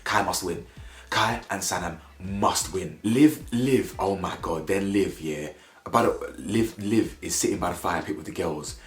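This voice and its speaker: A man's voice: sits low, a little slow. A man with giving blunt, opinionated commentary on a reality show. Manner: animated, blunt, ranting with slang. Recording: echoey room.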